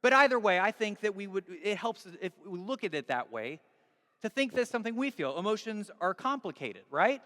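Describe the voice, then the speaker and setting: Earnest high-voiced preacher in a hall. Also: male voice, big pitch swings, fairly quick, fairly bright tone. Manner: earnest, pleading, rising to fervent questions. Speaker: pastor. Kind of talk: sermon.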